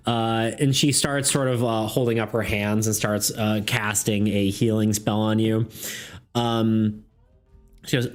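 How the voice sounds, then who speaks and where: A man's voice: on the low side, steady tone, unhurried, soft background music. A man narrating as game master on a stream, rambling and laughing with many fillers.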